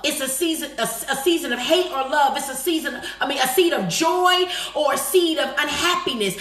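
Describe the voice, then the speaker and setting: Emphatic high-voiced woman preaching. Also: expressive. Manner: emphatic, swings from shouted lines to slow, low, drawn-out stresses; repeats key phrases for emphasis. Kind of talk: live-streamed motivational sermon. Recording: echoey room.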